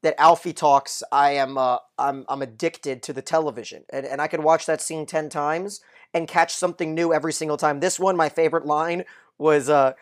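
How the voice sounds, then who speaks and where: A man with a fairly high voice chats casually about a television show. He sounds enthusiastic and drops casual swear words as he talks. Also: steady tone, normal speed. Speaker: podcast co-host. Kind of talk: casual recap chat.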